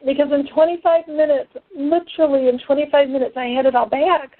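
A woman giving an emotional personal testimony to a class, an impassioned storyteller who swings between hushed and excited. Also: high-pitched, fairly quick, dry recording. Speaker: essential oils class speaker. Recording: tinny phone-like dry sound.

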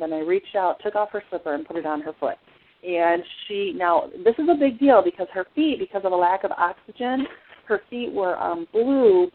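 Low-voiced woman on a tinny line. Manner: earnest storytelling with frequent restarts. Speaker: essential oils presenter. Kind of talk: personal testimony talk. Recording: tinny phone-like sound.

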